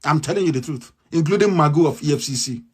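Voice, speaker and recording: A man giving a fiery political address, impassioned and swinging from shouts to low mutters. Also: fast talker, breathy edge. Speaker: activist speaker.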